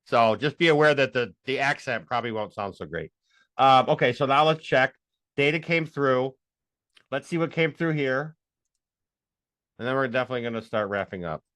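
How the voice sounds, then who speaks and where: A man teaching a live software tutorial, excitable and rambling as he thinks aloud. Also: mid-range voice, moderate pace, no room sound. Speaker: instructor.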